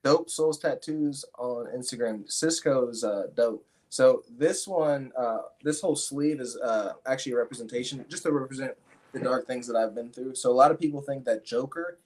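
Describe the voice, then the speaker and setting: A man's voice: mid-range voice, moderate pace, a little mellow. Young male fighter, interview guest, casual storyteller with frequent fillers. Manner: rambling, many fillers and restarts.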